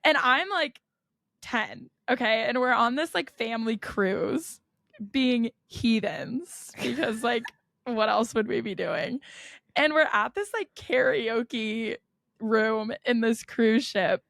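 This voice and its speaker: Gravelly-voiced young American woman, chatty. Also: fairly high pitch, lively intonation, slow pace, a bit bright, no echo. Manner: chatty storyteller, frequent laughs and "like" fillers. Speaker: podcast co-host. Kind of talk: casual chat.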